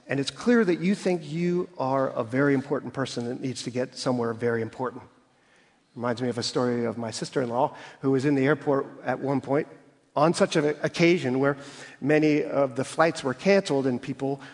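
A man preaching an expository sermon, explaining scripture with everyday stories and acting out quoted voices with rising emphasis. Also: medium pitch. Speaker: pastor. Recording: long hall reverb.

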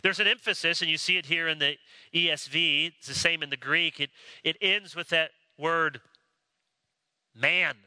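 A man preaching a sermon, animated, acting out quoted voices as he explains a Bible passage. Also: fairly high pitch, moderate pace, clear, resonant tone, no room sound. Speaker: pastor.

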